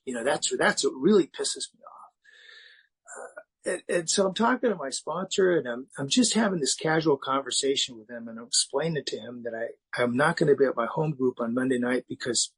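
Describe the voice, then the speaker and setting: Lively-pitched man with a breathy voice. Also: poor audio. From United States. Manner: candid, self-mocking, repeats words and restarts often. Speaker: recovery meeting speaker. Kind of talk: personal recovery talk.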